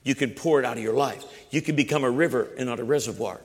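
A pastor preaching a sermon with emphatic repetition and shifting voices. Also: male voice, medium pitch, quick pace, hardly any pauses. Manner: emphatic preaching, repeats phrases, quotes voices. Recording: long hall reverb.

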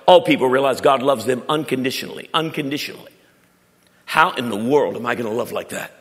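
A man preaching a sermon as pastor, animated, with stammered restarts and sudden loud climbs in pitch. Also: a little fast. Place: church auditorium. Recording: long reverb of a large hall.

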